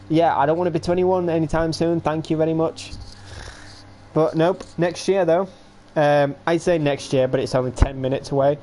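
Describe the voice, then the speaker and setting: A young man in his late teens with a voice pitched a little higher than most men's. He chats loosely to his viewers during a home livestream, rambling from one thought to the next. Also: fairly even intonation, normal speed, pauses often, mellow, a little hiss or hum. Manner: rambling, chatty, talks straight to viewers. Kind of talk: casual rambling livestream chat.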